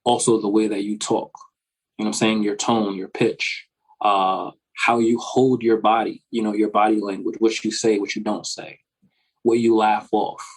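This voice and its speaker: Husky-voiced man, reflective and conversational. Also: on the low side, flat delivery, moderate pace, rough recording. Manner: reflective, conversational, frequent "right?" tags. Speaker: financial coach. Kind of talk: podcast interview answer.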